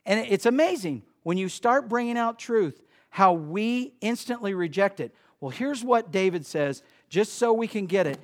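High-voiced preacher guy giving a sermon, goes loud then drops quiet. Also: expressive, moderate pace, few pauses. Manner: preachy, shifts between loud emphasis and quiet asides. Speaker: pastor. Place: church sanctuary.

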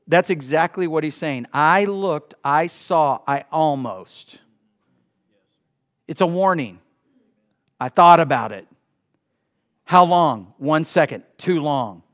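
A middle-aged male pastor preaching a sermon in a church, swinging between loud bursts and hushed asides. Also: medium pitch, unhurried. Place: church sanctuary.

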